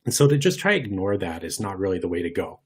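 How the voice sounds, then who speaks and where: A man with a low, husky voice leads an online workshop. He talks in a lively, conversational way, asking the audience questions and jumping his voice around to demonstrate points. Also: fast talker. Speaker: workshop presenter.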